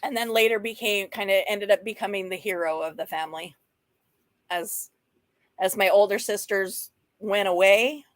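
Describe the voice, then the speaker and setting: A woman's voice: medium pitch, normal speed, no room sound. A woman in her fifties hosting a casual mental health talk, frank and chatty, often breaking into laughter and playful asides while going through slides. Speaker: host of a mental health livestream.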